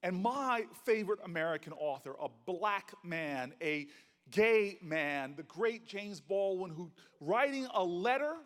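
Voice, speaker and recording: A senator's keynote fills a big conference hall with long reverb as he speaks passionately, rhythmically and repetitively, weaving in folksy stories. His voice sits high with lively intonation and a fairly bright tone, delivered unhurriedly.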